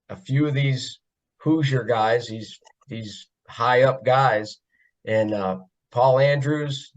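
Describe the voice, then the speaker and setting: A man from the northeastern US, a podcast guest telling casual stories in a jokey, laughing way. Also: mid-range voice. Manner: jokey, laughs often, self-described funny guy. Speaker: podcast guest, former pit crew member. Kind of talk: casual storytelling. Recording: slightly dull lo-fi audio.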